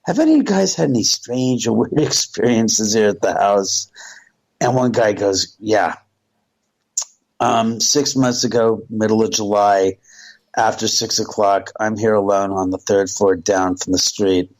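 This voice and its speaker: Man, middle-aged, radio guest, animated storyteller, acts out the voices. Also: fairly low pitch, measured pace, low-quality recording. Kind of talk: storytelling on a call-in radio show.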